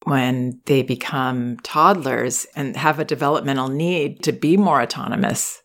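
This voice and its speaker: A woman hosting a parenting podcast, giving advice to a listener in a measured, reflective way and often drawing out her words. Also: a bass voice, a bit bright.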